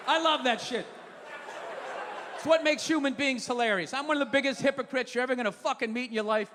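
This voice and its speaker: A man performing stand-up comedy, ranting with profanity and loud outbursts. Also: extremely high pitch, brisk, a crowd in the background, background noise. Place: comedy venue stage. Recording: live show in a large hall with audience.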